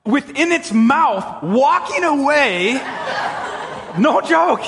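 A male pastor with a high voice that swoops all over the place as he tells his story. He is animated and excitable in his telling. His words ring out with a long reverb across a church hall. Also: drawn-out words, background noise. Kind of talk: sermon with personal storytelling.

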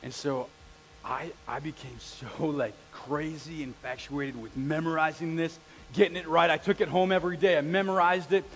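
A middle-aged male pastor preaches in an animated storytelling style, slipping into quoted voices as he speaks to the congregation. His voice sits high for a man. The sound carries a long reverb from the church hall. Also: moderate pace. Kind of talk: sermon with storytelling.

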